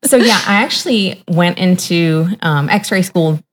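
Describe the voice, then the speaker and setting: A woman's voice: on the low side, a little slow, rough recording. A woman who works as a radiation therapist, chatting casually and laughing easily as she explains her job. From Virginia, USA. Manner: laughs often, fills with um. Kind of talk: casual chat.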